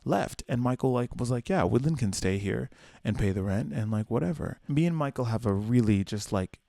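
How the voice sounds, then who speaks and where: A young man from the American South hosting a casual solo podcast, telling stories with swearing and playful high-pitched asides. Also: normal speed, creaky, no echo, clean studio sound. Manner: animated storyteller, swears freely, acts out quotes in high voices. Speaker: podcast host.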